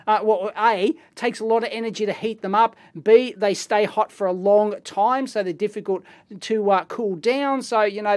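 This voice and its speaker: An excitable Australian man talks through an unboxing in his lab. His voice sits fairly high, and he rambles along in a casual way, full of slang and exclamations. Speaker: electronics video host. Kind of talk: casual unboxing and teardown commentary. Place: electronics lab, indoors.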